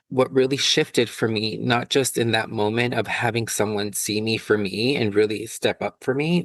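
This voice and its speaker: Candid middle-pitched man telling his story. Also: no room sound. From San Diego. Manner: open, candid, laughs often. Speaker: author guest.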